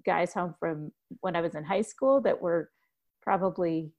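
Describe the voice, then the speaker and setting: Chatty woman host, slightly low voice. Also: unhurried, a little mellow. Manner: chatty, laughs often. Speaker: podcast host. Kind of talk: casual interview chat. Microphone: video call.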